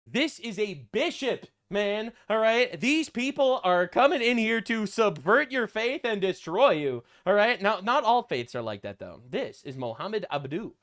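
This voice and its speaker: A crude, sarcastic man reacting to clips as he hosts a political commentary stream. He rambles through fillers, and his pitch swings up and down. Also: big pitch swings, normal speed, few pauses, fairly bright tone.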